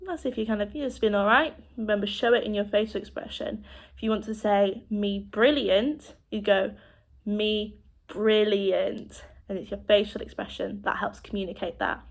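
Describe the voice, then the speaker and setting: A woman's voice: mid-range voice, fairly even intonation. British woman teaching sign language. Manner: slow, clear demonstrating speech. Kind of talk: children's sign language lesson.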